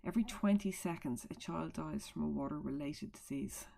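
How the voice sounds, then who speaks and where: Low, creaky-voiced woman teacher. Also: normal speed, mellow. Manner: chatty, explains with asides and fillers. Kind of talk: recorded remote lesson. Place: at home.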